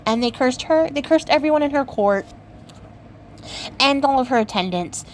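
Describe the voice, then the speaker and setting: A woman's voice: high voice, lively intonation, normal speed, rough recording. Young woman, craft channel host, casual story retelling, chatty, playful, fillers, faint background noise.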